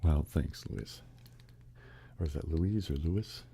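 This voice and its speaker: A man hosts a relaxed live ASMR stream, whispering right into a close microphone. His voice is very deep and dark, with a heavy gravelly fry. He talks to viewers softly between whispers. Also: slow. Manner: alternates whispers with soft close speech, chats to viewers. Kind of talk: ASMR whispering and soft speaking.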